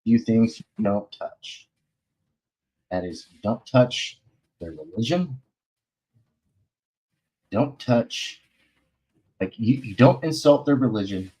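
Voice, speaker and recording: A man's voice: lowish voice, lively intonation, takes it slowly, long pauses, darkish tone, husky, low-quality recording. A man hosting a comics talk stream in casual chat, rambling, loose and slangy, with many fillers.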